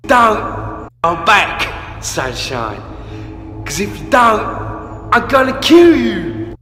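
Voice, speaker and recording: A man putting on a Cockney hardman, muttering hushed threats. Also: sits high, big pitch swings, extremely slow, voice pushed up, heavily acted. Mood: threatening. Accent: put-on Cockney. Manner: hushed threats, sudden shouted outburst. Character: would-be hard male Cockney geezer Phil. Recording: echoey roomy stream clip with faint music.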